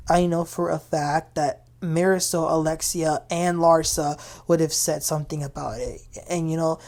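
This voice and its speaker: A woman's voice: low voice, warm tone. A woman hosting a casual, opinionated reality TV recap, talking chattily with many fillers. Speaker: TV recap host.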